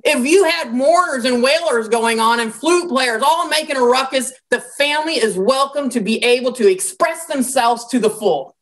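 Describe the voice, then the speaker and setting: A woman giving a conversational Bible lecture, telling the story in a lively way with casual asides. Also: high-pitched, normal speed, hardly any pauses. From American Midwest.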